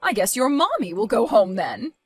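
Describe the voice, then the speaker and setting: A woman's voice: on the high side, normal speed, faint music behind. A woman voicing a stern, disappointed mother. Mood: reproachful. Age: 50s. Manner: calm, stern, reproachful.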